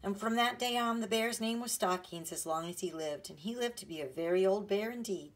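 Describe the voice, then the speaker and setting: A woman narrating a children's chapter book in a gentle, read-aloud manner. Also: medium pitch, brisk. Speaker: audiobook narrator. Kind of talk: storybook narration.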